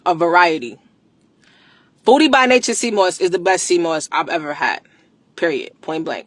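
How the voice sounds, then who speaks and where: A woman chatting casually on a live stream. She is animated, slangy and emphatic, repeats phrases for emphasis and laughs often. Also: lowish voice, normal speed, pauses often, dry recording. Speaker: livestreamer promoting a product.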